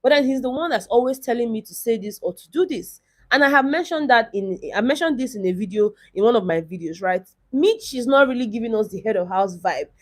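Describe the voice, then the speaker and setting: A woman's voice: fairly high pitch, animated, brisk, darkish tone. A young woman, chatting casually in a vlog as she recaps a reality show, rambling and retelling scenes.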